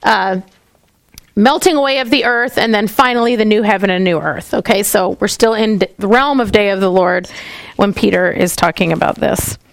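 A woman's voice: mid-range voice, moderate pace, gravelly, dry recording. A woman teaching a Bible study class, checking in with the group often and stopping to find her place in her notes. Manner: checks in often with "okay?" and "all right?"; stops to correct herself and find her place. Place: classroom with a whiteboard.

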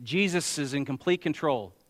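Male pastor preaching, emphatic, slightly high voice, big hall reverb. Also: lively intonation, moderate pace. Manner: emphatic preaching, rising to loud exclamations and dropping to quiet asides. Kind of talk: sermon.

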